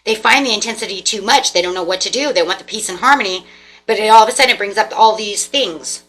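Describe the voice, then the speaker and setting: A woman giving a casual tarot reading, animated and repetitive, acting out the people in the cards. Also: mid-range voice, fast talker. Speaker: tarot reader.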